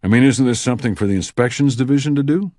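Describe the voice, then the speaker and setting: A man's voice: mid-range voice, fast, a little mellow, no room sound, pitched above the performer's own voice, natural voice. A man voicing a dry, wry federal agent in an audiobook. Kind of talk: audiobook character voice.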